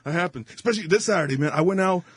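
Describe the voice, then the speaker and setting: Young man, odd accent, high voice, dry studio sound, rambling and cussing as radio guest. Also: animated, very fast, breathy edge, dry recording. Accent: unusual accent, hosts call it weird. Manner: rambling, laughing, swearing, many fillers. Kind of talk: casual radio banter.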